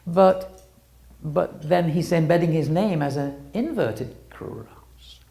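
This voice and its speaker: A woman presents an illustrated talk in a low, mellow voice with a heavy gravelly edge. She rambles and restarts her sentences, her pitch swinging widely as she explains. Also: animated, slow pace, a little hiss or hum.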